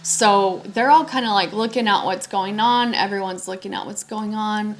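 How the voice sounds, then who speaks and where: A woman's voice: mid-range voice, normal speed. A young woman hosting a podcast, telling a personal story casually and acting out the voices of people she quotes. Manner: animated, acts out quoted voices. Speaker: podcast host.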